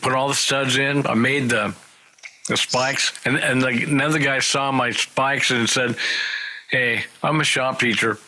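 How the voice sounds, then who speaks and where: A man telling road stories in a casual interview, animated and acting out the people he quotes. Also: medium pitch, low-quality recording.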